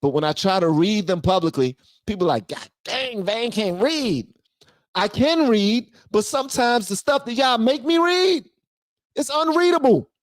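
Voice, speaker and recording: A man hosting a live stream who rants with a lot of energy and reads viewers' chat aloud. He swings between shouting and low muttering. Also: animated, normal speed, dry recording, studio quality. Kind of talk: ranting commentary and reading chat on a live stream.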